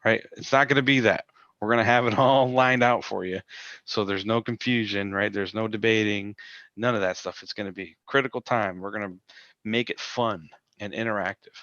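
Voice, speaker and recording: Male guest, low voice, animated, slightly dull lo-fi sound. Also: moderate pace, no room sound. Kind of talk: casual chat.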